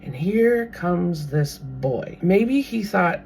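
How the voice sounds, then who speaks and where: A podcast host retelling a Bible story in a casual, animated way, now and then acting out what the characters might think. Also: mid-range voice, very slow, vocal fry, few pauses. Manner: animated, briefly acts out characters' thoughts.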